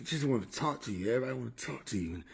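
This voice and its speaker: Relaxed slangy dude chatting on a live stream, laughs a lot. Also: male voice, medium pitch, very fast, gravelly, breathy edge. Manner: laid-back, slangy, laughs often. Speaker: livestream host. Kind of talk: casual livestream chat.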